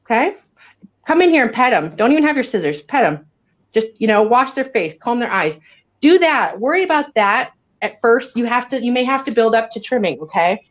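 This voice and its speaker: Western New York woman dog groomer, chatty demo voice, dull lo-fi sound, pitched a bit high. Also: brisk. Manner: chatty, animated, checks in with "okay?". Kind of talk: hands-on grooming demonstration. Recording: dull lo-fi audio.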